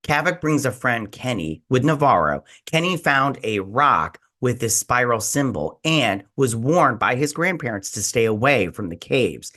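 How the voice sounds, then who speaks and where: A man's voice: medium pitch, bright, forceful tone. A man hosting his own show, reviewing a TV episode in casual, rambling chat and acting out scenes in quoted voices.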